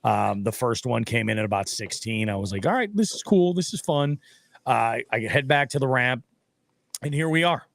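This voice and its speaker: Swearing fishing-podcast host telling stories. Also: male voice, medium pitch, moderate pace, vocal fry, no room sound. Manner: animated storytelling, heavy swearing. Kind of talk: casual profane chat.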